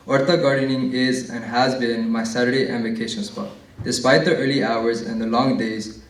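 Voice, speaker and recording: A teenage student reading his own essay aloud at an award event, plain and a little nervous, with some slips. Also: mid-range voice. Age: teens. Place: large library event hall. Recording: echoey room from far off.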